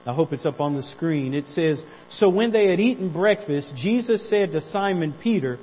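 A man's voice: a little high, lively intonation, normal speed, few pauses, breathy edge, lo-fi sound. A man preaching a sermon as pastor, repeating words as he builds and calling on the church to say amen.

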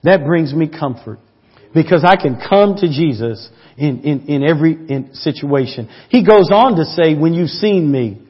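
A man preaching a sermon as pastor, swinging between loud emphatic peaks and soft hushed asides. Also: on the high side, animated, moderate pace, breathy edge. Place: church. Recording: dull lo-fi church audio.

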